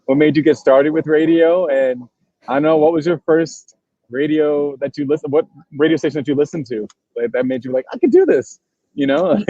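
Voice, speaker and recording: A man co-hosting a podcast from somewhere else, relaxed and laughing, asking long rambling questions. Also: on the high side, brisk, no room sound, lo-fi sound. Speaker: podcast co-host. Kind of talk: casual podcast chat.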